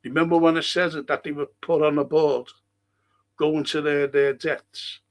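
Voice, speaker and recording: A man hosting a talk show, giving an impassioned monologue and reciting verse with slow, emphatic delivery and dramatic pauses. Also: on the high side, level tone. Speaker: radio show host.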